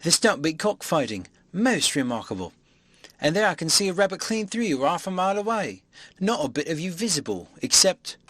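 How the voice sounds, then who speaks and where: A man's voice: brisk, no echo. A man voicing a flustered tramp. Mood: amazed. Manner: excitable, flustered, higher-pitched. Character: bewildered middle-aged male country tramp.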